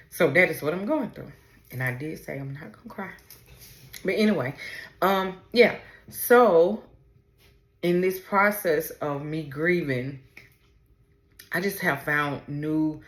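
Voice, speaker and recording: A woman in her forties hosting a personal podcast, talking in a halting, emotional way as she fights back tears. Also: deep voice. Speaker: podcast host. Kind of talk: personal podcast talk on camera. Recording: roomy echo.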